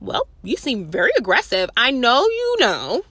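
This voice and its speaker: A young woman telling a casual, profane story about a theft, acting out everyone's lines in lively voices. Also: fairly high pitch, normal speed, breathy edge, no echo. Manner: animated, profane, acts out others' voices.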